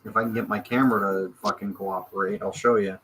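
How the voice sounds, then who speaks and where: A man's voice: fairly low pitch, fairly even intonation, fast, fairly bright tone, slight background noise, low-quality recording. An American man co-hosting a casual chat show from his home, rambling easygoing talk with many fillers. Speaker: podcast co-host. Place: home room with 3D printers.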